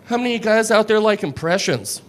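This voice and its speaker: Deadpan, crude stand-up comic man. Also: high voice, fast. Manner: deadpan, crude, self-mocking delivery. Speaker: stand-up comedian. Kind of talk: stand-up comedy set. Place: comedy club stage. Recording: live stage mic with room noise.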